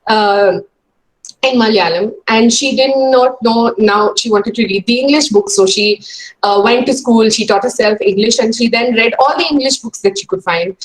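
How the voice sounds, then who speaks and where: Woman, guest speaker, video call, earnest, encouraging, lots of fillers, higher pitch. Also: poor audio. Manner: earnest, encouraging, many hesitations. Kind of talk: webinar talk to students.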